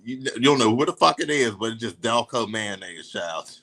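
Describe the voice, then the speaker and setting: Man, sassy, profane, animated, casual chat, mid-pitched voice. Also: moderate pace. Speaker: co-host.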